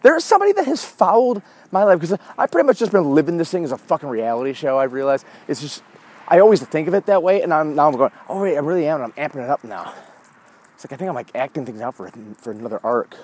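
A man's voice: fairly high pitch, lively intonation, fast, darkish tone, husky. Man, 40s, show host, casual rambling monologue, profane, walking a dog. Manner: rambling, profane, wanders off track.

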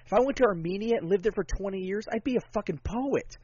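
A man's voice: sits high, fast talker, a little mellow, husky, dry recording, highs cut off. A man in casual podcast chat, rambling and swearing freely with lots of enthusiasm.

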